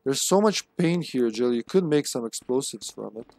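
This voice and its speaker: A man's voice: mid-range voice, animated, moderate pace, a little mellow, no echo. A man streaming a live game, commenting casually with joking, sarcastic remarks and chatting with his viewers.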